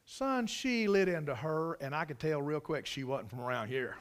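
A man with a Carolina Southern accent preaches a folksy sermon to a church congregation, telling stories in a drawl with emphatic asides. His voice is on the high side and animated, at a moderate pace.

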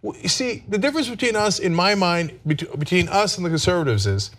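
A man hosting a political talk show, speaking emphatically and growing animated as he makes his points. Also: sits high, brisk. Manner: emphatic, animated, rising to near-shouting emphasis. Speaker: political commentary host.

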